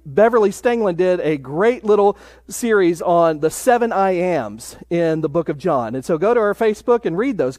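A middle-aged man preaching a sermon, stressing key phrases by slowing right down. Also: sits high, darkish tone, dry recording. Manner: emphatic, slows down on key phrases. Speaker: pastor.

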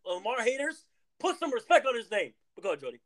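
A man's voice: very high-pitched, very animated, quick pace, fairly bright tone. A man hosting a casual sports chat, hyped and repetitive, tossing in "bro". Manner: hyped, repeats himself, says bro. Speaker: podcast host.

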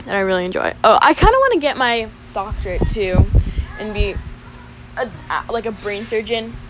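A woman's voice: mid-range voice, animated, moderate pace, over music. A young woman in casual chat, rambling and hesitant as she answers questions, with frequent fillers and giggles. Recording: noisy home recording.

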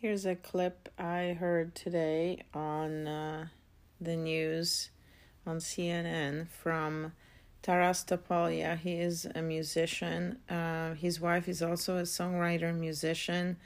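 Slow low-voiced woman host. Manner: slow, low and even, with fillers. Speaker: podcast host. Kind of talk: casual spoken commentary.

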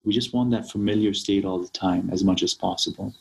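A man's voice: sits low, steady tone, a little fast, creaky, husky, poor audio. A man from Kenya, a naturopathic doctor, explaining remedies as an interview guest and often checking in with "right?". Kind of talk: casual interview talk.

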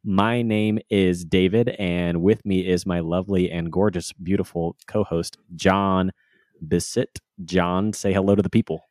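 A man's voice: deep voice, steady tone, measured pace, a little mellow, dry recording, clean studio sound. A man hosting a board game podcast in a playful, teasing, rambling way, with many restarts. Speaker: podcast host. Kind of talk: casual podcast chat.

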